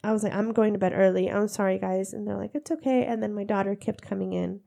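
A woman's voice: mid-range voice, flat delivery, quick pace, vocal fry, warm tone. A woman in her thirties, congested, telling stories in a casual chat with frequent laughter. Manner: chatty, laughing storyteller.

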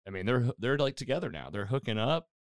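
Male podcast host, mid pitch, lively storyteller, dry close mic. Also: quick pace, dry recording. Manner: animated storytelling, acting out quotes, many fillers. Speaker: podcast host recapping a TV episode. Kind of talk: casual chat.

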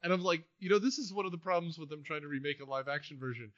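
Man, podcast co-host, bright and a bit high-voiced, lively and jokey, dull dry recording. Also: racing, no echo. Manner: animated, laughs often, acts out quotes. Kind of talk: casual movie-review chat.

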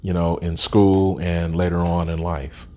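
A man's voice: deep voice, flat delivery, measured pace, darkish tone, slight background noise. A man in his sixties telling his life story as an interview guest, candid and plain-spoken with frequent ums and restarts. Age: 60s.

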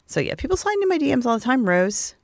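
A woman's voice: big pitch swings, quick pace, no room sound. A woman in her forties co-hosting a podcast, chatting casually and acting out quotes in her stories. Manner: chatty storyteller, acts out quotes with big pitch jumps. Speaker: podcast co-host. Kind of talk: casual chat.

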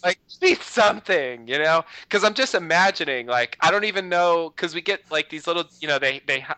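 Rambling man with bright crisp voice. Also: a little high, animated, brisk, no room sound, poor audio. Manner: rambling, lots of "you know" fillers. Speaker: podcast co-host. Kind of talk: casual chat.

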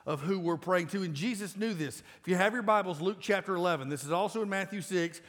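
Male pastor, forties, high voice, conversational sermon with loud bursts, long hall reverb. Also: fast. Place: large church auditorium. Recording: live church sound with long reverb.

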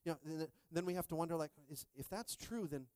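Male pastor, middle-aged, energetic sermon, slightly high voice, dry sound. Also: fast talker, dry recording. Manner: energetic, repeatedly asking "are you with me?".

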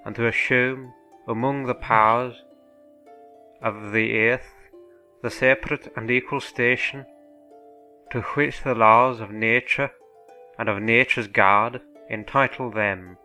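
A man slowly reciting a historic document in a reconstructed colonial Virginia accent, measured and deliberate. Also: mid-range voice, fairly even intonation, pushed and bright, soft background music. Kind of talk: reading a historic document aloud.

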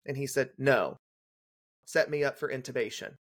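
A young adult man, a guest on a podcast, telling a detailed clinical story in a brisk, casual way and acting out the dialogue. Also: mid-range voice, a bit bright. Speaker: guest, legal nurse consultant.

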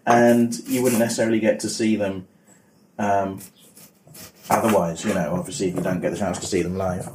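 A man's voice: fairly low pitch, fairly even intonation, brisk. A man, a comedian guest, chatting in a dry, self-deprecating, rambling way in his home kitchen. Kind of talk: casual interview chat. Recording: roomy kitchen, distant mic, faint noise.

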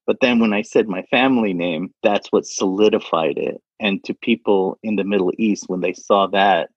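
A man from Saudi Arabia, a guest in a casual interview, telling stories in an animated way, laughing often and acting out other people's voices. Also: lowish voice, normal speed, hardly any pauses, slightly rough, no room sound, muffled recording.

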